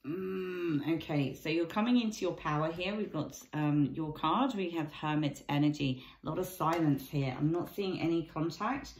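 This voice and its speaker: A woman giving a casual tarot card reading, musing and thinking aloud with many pauses and ums. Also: deep voice, darkish tone, roomy sound, poor audio. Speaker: tarot reader.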